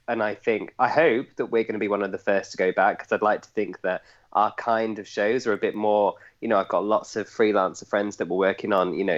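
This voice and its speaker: Low-voiced man giving earnest advice. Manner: earnest, measured, encouraging. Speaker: casting director and guest. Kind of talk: casual chat, giving advice. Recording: dull lo-fi recording.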